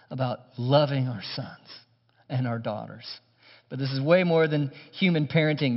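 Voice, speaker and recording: A man preaching a sermon in an animated, conversational way, with touches of humor. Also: a little high. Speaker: pastor. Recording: muffled hall recording with long reverb.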